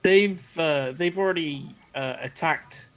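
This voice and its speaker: A man's voice: on the high side, slow. A man playing a tabletop game, describing what his archer character does. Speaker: player. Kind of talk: casual tabletop game talk.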